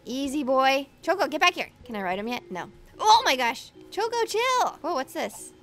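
A woman commenting on her game play in an excitable way, gasping and talking to her pets. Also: high-pitched, moderate pace, faint music behind. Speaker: gaming YouTuber.

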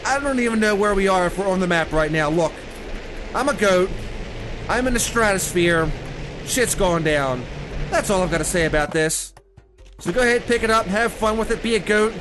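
This high-voiced young man runs the channel and talks through the gameplay in a loose, hyped-up way. Profanity comes often, as do sudden loud outbursts, and there's noise in the background.

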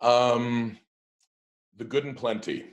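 A man's voice: mid-range voice, steady tone, slow, lo-fi sound. A man playing in a tabletop game, answering with rambling, joking replies full of fillers. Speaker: player.

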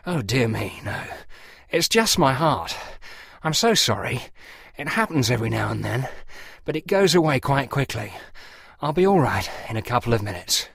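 A man's voice: mid-range voice, very animated, normal speed, vocal fry, pauses often, fairly bright tone, husky, no room sound, full character voice. A man voicing a fussy middle-aged antique dealer who pleads in a breathless, fluttering way as if unwell. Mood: feigned distress.

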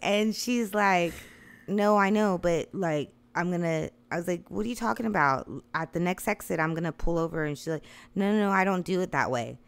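A woman's voice: lowish voice, moderate pace, clear, resonant tone. Profane laughing woman telling a story. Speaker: storyteller guest. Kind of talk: casual storytelling.

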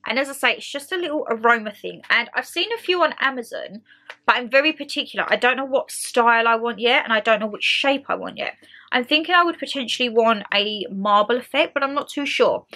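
Young woman, chatty haul vlogger, bright tone, slightly high voice. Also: animated, fairly quick. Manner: chatty, addresses viewers as "my lovelies". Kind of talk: casual product haul chat.

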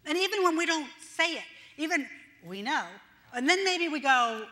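Older woman, pastor, high bright voice, chatty sermon with little acted voices, echoing church hall. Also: lively intonation, moderate pace. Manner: chatty, self-deprecating, acts out little voices with laughs. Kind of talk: conversational sermon. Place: church sanctuary.

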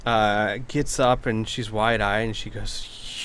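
A man narrating a tabletop game as game master, relaxed, with fillers and laughs. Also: lowish voice, measured pace, hardly any pauses.

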